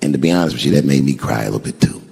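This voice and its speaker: A middle-aged man doing stand-up storytelling on stage, shouting some punchlines high. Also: very fast, gravelly, slightly rough. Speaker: stand-up comedian. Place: stage before a live audience. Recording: noisy live stand-up room. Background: audience laughter.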